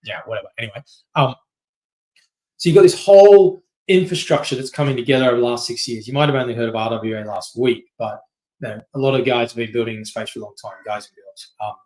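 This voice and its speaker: A man's voice: medium pitch, a little mellow, poor audio. A man presenting as a company chief, talking casually and loosely, with many fillers, restarts, and a frequent "right?". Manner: quick, loose, filler-heavy, keeps asking "right?". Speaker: company CEO giving a masterclass.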